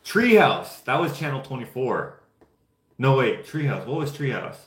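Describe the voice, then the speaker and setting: A man's voice: medium pitch, lively intonation, normal speed. A young man from Canada chatting casually and rambling offhand while painting figures. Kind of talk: casual chat. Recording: roomy echo.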